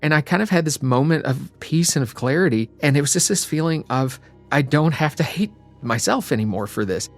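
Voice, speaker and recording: A young adult man, interviewed, reflecting on his life in a quiet, emotional way. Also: on the high side, expressive, brisk, faint music behind. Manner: reflective, quietly emotional, sometimes trails to a whisper. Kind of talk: personal storytelling.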